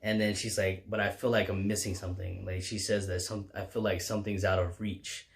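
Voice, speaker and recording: Guy with kinda low voice rambling thru a comic recap, lots of um and like. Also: flat delivery, brisk, gravelly. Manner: rambling, filler-heavy retelling. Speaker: comic book reviewer. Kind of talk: casual recap chat.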